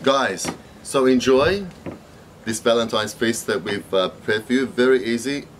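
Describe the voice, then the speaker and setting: A man's voice: mid-range voice, measured pace, slight background noise. A man from Italy co-hosting a cooking show, cheerfully talking viewers through each step. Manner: cheery, talks straight to viewers. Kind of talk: casual cooking demonstration.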